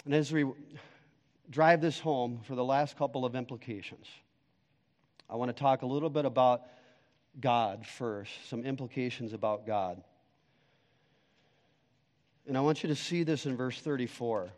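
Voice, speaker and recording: A man preaching a sermon as pastor, emphatic, swinging between loud declarations and hushed, quiet stretches. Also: mid-range voice, normal speed, pauses often, big-room sound.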